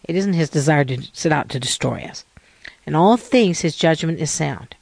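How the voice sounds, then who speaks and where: A man giving a sermon-style scripture lesson in a measured, earnest way, asking rhetorical questions. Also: on the high side, animated, creaky, no room sound. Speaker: religious teacher.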